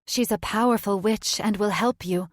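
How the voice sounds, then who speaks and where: A woman voicing a quiet, frail voice speaking inside a witch's mind, urging her on. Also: medium pitch, moderate pace, no room sound, studio quality, close to an everyday voice.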